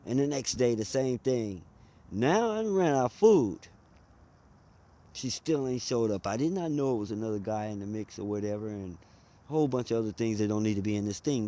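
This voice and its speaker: A man's voice: mid-range voice, warm tone. A man, telling a personal story in a conversational, emphatic way. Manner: conversational, emphatic, drawls and speeds up.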